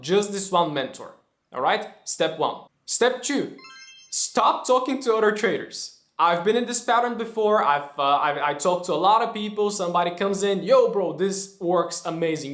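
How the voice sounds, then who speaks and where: A man's voice: sits high, fairly bright tone. A man teaching traders in an emphatic motivational talk, often checking in with "right?". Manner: emphatic, keeps asking "right?". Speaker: trading educator. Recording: roomy echo.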